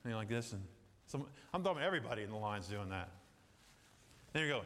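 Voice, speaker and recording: A man's voice: mid-range voice, animated, fast talker, a bit bright. A middle-aged man preaching a sermon in a church, rambling with jokey asides and acted-out quotes. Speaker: pastor. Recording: hall reverb.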